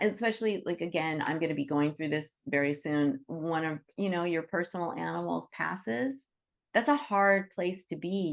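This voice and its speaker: Female teacher, low gravelly voice, earnest and reassuring, on a video call. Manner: earnest, reassuring, frequent "right?" and "you know". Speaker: Reiki teacher leading an online group. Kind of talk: teaching talk to an online group.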